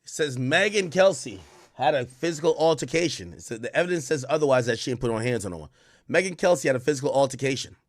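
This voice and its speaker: A man hosting a casual stream, talking to his chat in animated, profane commentary and acting out quotes. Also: mid-range voice, fast, no echo. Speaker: streamer host.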